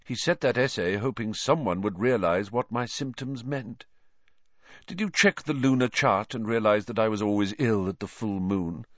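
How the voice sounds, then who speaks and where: A man voicing a calm, weary male teacher who speaks in a measured, restrained way. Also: fairly low pitch, no room sound, muffled recording, close to an everyday voice. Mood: cool.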